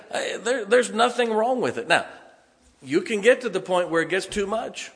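A pastor preaches a folksy, joking sermon, telling stories and raising his voice for emphasis in a lively way. His voice sits high, and he talks at a normal speed.

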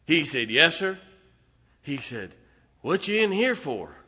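A man, preaching emphatically as a pastor and now and then singing slowly. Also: fairly high pitch, sing-song, bright, forceful tone, husky. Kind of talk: sermon. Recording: reverberant church hall.

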